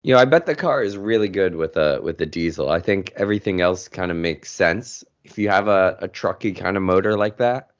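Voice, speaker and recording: Groggy, very deep-voiced male podcast co-host, laid-back chat, muffled audio. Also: brisk, few pauses, no echo. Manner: laid-back, lots of "you know". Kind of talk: casual chat.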